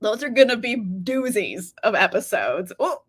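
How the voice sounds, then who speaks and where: A woman's voice: mid-range voice, sing-song, moderate pace, slightly rough. A young woman hosting a livestream in casual chat, bubbly and giggly, greeting viewers by name. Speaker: livestream host.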